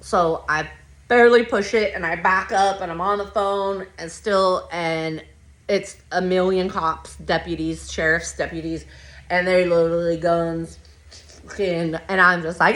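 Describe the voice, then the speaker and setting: A woman's voice: fairly low pitch, fairly even intonation, unhurried, fairly bright tone. A woman hosting a podcast, telling a personal story in a blunt, rambling way full of swearing. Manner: blunt, profane, rambling retelling. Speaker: podcast host.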